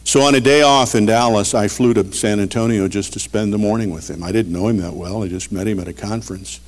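A middle-aged man preaching a sermon, earnest and storytelling, swinging between loud emphasis and quiet. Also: lowish voice, fast. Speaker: pastor. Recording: long reverb of a large hall.

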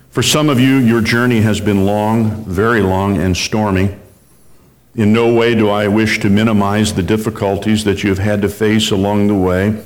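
Guy preaching in a church, lowish voice, big echoey hall. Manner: earnest, measured preaching with long quoted readings. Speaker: pastor. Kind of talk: sermon. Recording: reverberant hall.

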